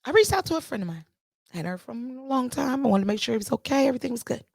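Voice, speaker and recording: A woman hosting a podcast, telling a story in a casual, animated monologue and repeating herself for emphasis. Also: high voice, rapid-fire, gravelly, no echo, clean studio sound. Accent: playful put-on Jamaican-style lilt at times. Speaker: podcast host.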